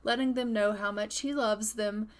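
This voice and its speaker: A woman casually narrating her gameplay of a family life sim in a chatty, relaxed way. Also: medium pitch, normal speed. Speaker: gaming channel host.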